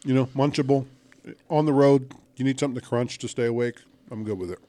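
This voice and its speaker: A man's voice: mid-range voice, quick pace, mellow. A man co-hosting a casual podcast, teasing his friend with questions while they review snacks. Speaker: podcast co-host.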